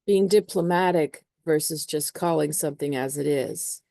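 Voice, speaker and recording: A woman's voice: low-pitched, normal speed, gravelly, dark tone, no room sound. A woman astrologer explaining in a casual, loose way, hedging often with filler phrases. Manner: hedging, uses many "sort of" and "you know".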